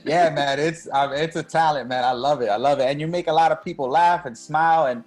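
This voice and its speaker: A man's voice: on the high side, a little fast, faint music behind. Upbeat man hosting a casual interview. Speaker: host.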